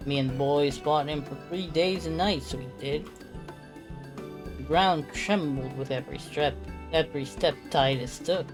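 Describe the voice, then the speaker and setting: A streamer voicing a boastful, gruff retired mercenary in a video game, swaggering and taunting with folksy slang, while faint game music plays behind. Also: medium pitch, measured pace, natural voice.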